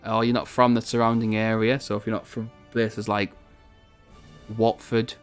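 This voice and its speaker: Rambling northern English man, low-ish voice. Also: level tone, moderate pace, clear, resonant tone, faint music behind. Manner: rambling, chatty, swears casually. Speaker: gaming video host. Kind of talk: casual strategy game commentary.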